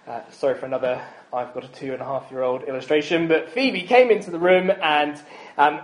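A man's voice: fairly high pitch, poor audio. A man in his thirties preaching a sermon in a chatty, self-deprecating way, with frequent ums and asides.

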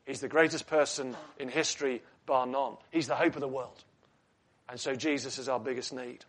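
A man's voice: mid-range voice, fairly even intonation, moderate pace, fairly bright tone. A man preaching a sermon in an earnest teaching tone, asking rhetorical questions and adding light asides.

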